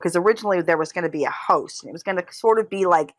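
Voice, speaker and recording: A woman guest on an interview show, telling long stories in a chatty, animated way with plenty of asides. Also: lowish voice, racing, dry recording, poor audio. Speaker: guest, filmmaker and author. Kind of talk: casual interview storytelling.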